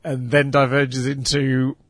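Male podcast co-host, mid-pitch, hesitant wry delivery, dry recording. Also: level tone, takes it slowly, no room sound. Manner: hesitant, filler-heavy, wry. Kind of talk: casual chat reviewing anime.

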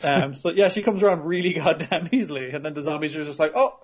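A man's voice: fairly high pitch, lively intonation, fast talker, breathy edge. A man co-hosting a podcast, recapping anime in casual chat, swearing, laughing and quoting characters. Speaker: podcast co-host.

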